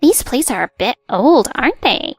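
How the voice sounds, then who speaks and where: A woman's voice: a little high, big pitch swings, normal speed, slightly rough, dry recording, faint music behind, heavily acted. A woman voicing a haughty, mocking young daughter-in-law in a narrated drama story, with a sneering, dismissive way of talking.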